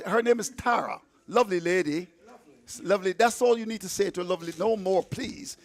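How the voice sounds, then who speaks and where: Chatty playful guy on cricket radio, high voice, trips over words a bit. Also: a little fast. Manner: chatty, playful, stumbles and restarts. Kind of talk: radio sports commentary, reading scorecard.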